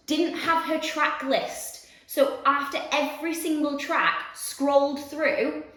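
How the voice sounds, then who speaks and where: A woman's voice: sits high, takes it slowly. A woman, a spin instructor co-hosting a chat, telling stories emphatically with lots of repetition. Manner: animated storyteller, emphatic repetition. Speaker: spin class instructor and co-host. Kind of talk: casual chat. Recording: very echoey room.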